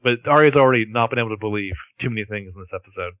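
A man's voice: fairly low pitch, racing, a bit bright, dry recording. A man co-hosting a podcast, narrating a TV episode's plot in casual chat with a wry manner. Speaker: podcast co-host recapping a TV episode.

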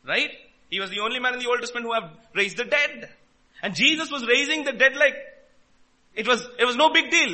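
A man preaching a sermon, emphatic and full of rhetorical questions, swinging between loud and quiet. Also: very high voice. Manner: emphatic, rhetorical questions, rises and drops in volume.

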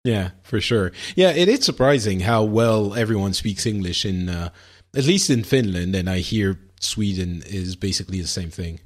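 A man's voice: on the low side, normal speed. A man co-hosting a podcast in casual chat, asking questions and laughing easily. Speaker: podcast co-host.

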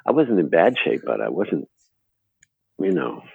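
A man with a very deep, gravelly and somewhat husky voice tells stories in an interview and laughs at himself. His pitch rises and falls a lot as he talks. The audio is dry and a bit dull, like a lo-fi remote recording. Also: sing-song, measured pace, no room sound. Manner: laughing, storytelling, self-deprecating. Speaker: actor guest. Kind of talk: anecdotal interview chat.

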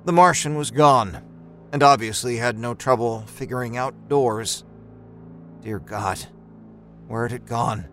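A male storyteller reading a first-person horror story in a tense, often hushed voice that breaks into sudden shouts. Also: medium pitch, normal speed. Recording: narration with a faint music score.

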